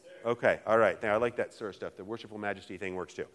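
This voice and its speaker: Fast-talking joking male professor. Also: fairly low pitch, steady tone. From Virginia. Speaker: literature professor. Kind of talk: lively classroom talk to an audience.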